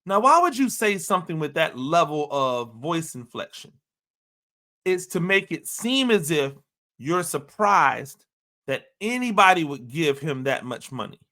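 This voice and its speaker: Emphatic high-voiced sports commentator man. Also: sing-song, unhurried, bright, forceful tone. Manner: emphatic, repetitive, conversational with rhetorical questions. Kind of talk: opinionated sports commentary monologue.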